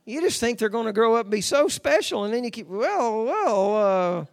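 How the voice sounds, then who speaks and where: A man preaching a sermon, calling for amens and repeating phrases for emphasis, moving from low, intimate passages to loud shouted declarations. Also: lively intonation, fast talker, creaky. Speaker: pastor.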